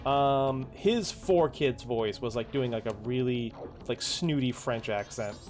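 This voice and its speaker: A man's voice: mid-range voice, measured pace, darkish tone, soft background music. A man casually commenting while playing a video game, muttering directions to himself with sudden surprised exclamations. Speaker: gaming streamer. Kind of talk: casual let's-play commentary.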